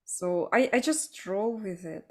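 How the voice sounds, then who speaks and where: Slow, thoughtful woman with a Russian accent. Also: medium pitch. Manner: thoughtful, hesitant, with many fillers. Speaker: podcast host. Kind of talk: casual conversation about song lyrics.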